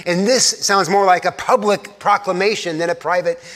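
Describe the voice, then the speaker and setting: A man, an Anglican pastor, preaching an earnest sermon in a church, sometimes dropping to hushed tones for emphasis. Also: high voice, fairly even intonation, moderate pace. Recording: long reverb of a church hall.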